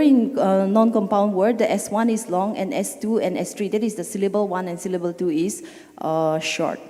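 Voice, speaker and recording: A woman presents research at a conference, pausing often and correcting herself as she goes. Her voice is mellow and dark, carried on a long hall reverb. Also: mid-range voice. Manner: hesitant, with fillers and self-corrections. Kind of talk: academic conference talk.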